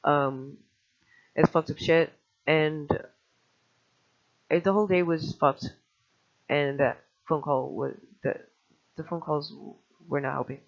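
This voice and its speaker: A man with a somewhat high, gravelly voice rambles through a personal testimony, jumping between thoughts and swearing casually. The recording is dull and lo-fi. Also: fairly even intonation. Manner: fast, scattered retelling with restarts and casual swearing.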